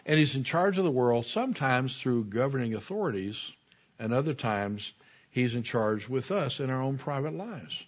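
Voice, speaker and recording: A man's voice: medium pitch, animated, moderate pace, breathy edge. A man giving a conversational sermon, wandering off on side points and putting questions to his listeners. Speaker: preacher. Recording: dull lo-fi recording.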